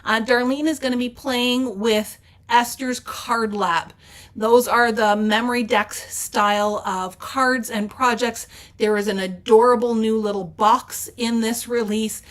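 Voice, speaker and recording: A woman's voice: on the high side, fairly even intonation, unhurried. A woman hosting a casual craft store update, chatty and upbeat, with plenty of fillers. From Canada. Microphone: off-camera mic with slides.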